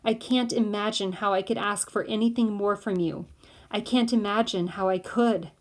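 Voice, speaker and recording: A woman voicing a worried mother who speaks to her son in a quiet, calm, measured way. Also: mid-range voice, close to an everyday voice. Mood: tender.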